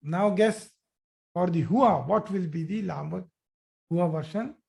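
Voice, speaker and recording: Male language teacher, live online class: slow, patient, encouraging, drills forms and praises students often. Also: high-pitched, vocal fry, warm tone. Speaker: Arabic grammar teacher.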